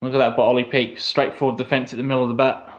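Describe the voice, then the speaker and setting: A man from South Australia with an Australian accent, commentating a cricket match live for his stream in a casual, excitable way that jumps up on big moments. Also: medium pitch, racing, highs cut off. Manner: excitable, rises sharply on wickets.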